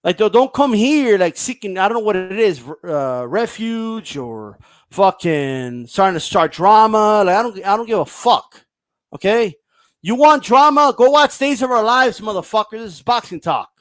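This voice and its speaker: A man's voice: high-pitched, expressive, normal speed, fairly bright tone, no echo. A man hosting a casual boxing livestream, ranting bluntly and profanely and reading viewer comments aloud.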